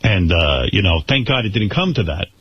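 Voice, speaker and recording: Male radio host, husky, rambling storyteller who trips over his own words, dull broadcast sound. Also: low voice, normal speed. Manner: rambling, repeats words and restarts when excited. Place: radio studio. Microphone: studio mic.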